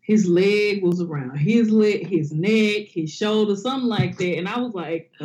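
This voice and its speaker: Swearing freely and throwing on exaggerated voices for quotes, a woman co-hosts a laid-back comedy podcast with lots of energy. She has a mid-range voice, a moderate pace and hardly any pauses.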